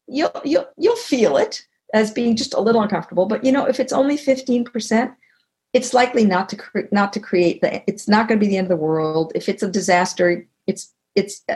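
An older woman, a guest author and teacher, talking reflectively in an interview and telling anecdotes. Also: medium pitch. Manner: reflective, tells anecdotes, animated when quoting others. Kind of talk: conversational interview. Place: video call.

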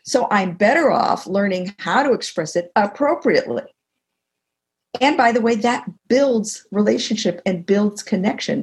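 A woman's voice: mid-range voice, gravelly. An older woman, a guest author and teacher, talking reflectively in an interview and telling anecdotes. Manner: reflective, tells anecdotes, animated when quoting others. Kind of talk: conversational interview. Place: video call.

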